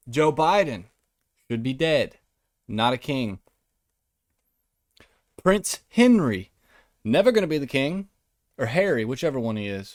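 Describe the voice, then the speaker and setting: A man's voice: mid-range voice, no room sound, clean studio sound. A man hosting a podcast, ranting comedically in a profane, mocking, emphatic way. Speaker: podcast host. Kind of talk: comedic solo rant.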